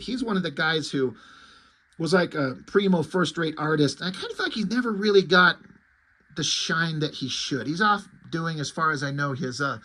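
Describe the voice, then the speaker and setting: Man, high-pitched, casual comic reviewer; blunt, swears a lot, meanders with ums. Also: sharp tone. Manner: blunt, opinionated, swears freely; rambling, with frequent ums and trailing asides.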